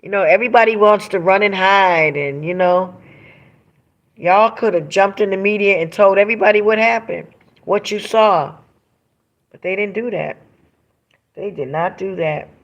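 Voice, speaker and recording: A woman hosts a casual live stream from home, reading viewer comments aloud as she goes. She speaks in an emphatic, animated way, leaning hard into her points. Her voice sits at a middle pitch. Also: normal speed, pauses often, muffled recording. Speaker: author hosting a live stream.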